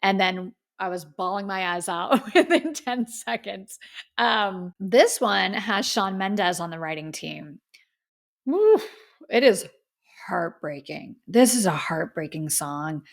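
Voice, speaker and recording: A woman's voice: medium pitch, lively intonation, slow pace, gravelly. A woman hosting a casual music review podcast, talking in an effusive, heartfelt way and often saying "like.". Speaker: podcast host.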